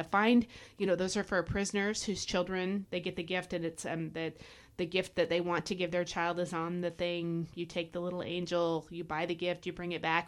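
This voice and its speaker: A woman hosts a devotional podcast and teaches from scripture with real fervor. She speaks in an exhorting, preachy style, pressing her listeners directly. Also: fairly low pitch. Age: adult parent. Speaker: podcast host.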